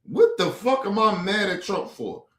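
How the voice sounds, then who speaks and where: Heated ranting man, high lively voice. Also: a little slow, roomy sound. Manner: heated, profane, repetitive. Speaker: political commentary streamer. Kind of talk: ranting commentary. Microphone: streaming mic.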